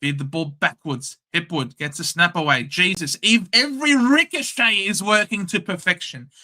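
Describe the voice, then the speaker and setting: A young Australian man hosting a casual live watchalong, calling the play in a chatty, excitable and blunt way. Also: high voice, normal speed. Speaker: host. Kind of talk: casual live match commentary.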